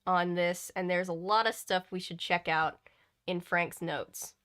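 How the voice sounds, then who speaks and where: A woman's voice: lowish voice, steady tone, unhurried, fairly bright tone, clear, resonant tone. A woman reading the lines of a focused young woman detective who speaks politely and to the point.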